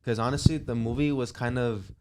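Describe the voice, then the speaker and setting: A man's voice: medium pitch, fairly even intonation, brisk, a little mellow, slight background noise. A teenage boy on a student podcast, speaking hesitantly with many fillers. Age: teens. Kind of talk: casual chat.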